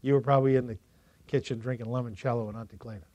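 A male pastor preaching a sermon to a congregation, lively and joking with them, rising to loud emphasis. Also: mid-range voice, rapid-fire, highs cut off. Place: church before a congregation.

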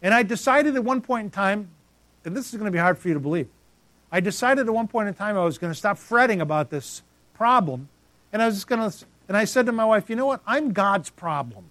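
A man's voice: high-pitched, animated, fast, a bit bright, no echo. A man preaching a sermon as pastor, emphatic and repetitive, calling out congregants by name.

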